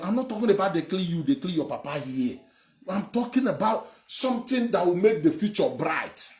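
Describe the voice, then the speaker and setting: A man's voice: sits high, a little mellow. A young Nigerian man from Edo giving heated political commentary, emphatic and rambling, repeating words and swearing. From Edo State, Nigeria. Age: young adult. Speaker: online commentator. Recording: echoey room.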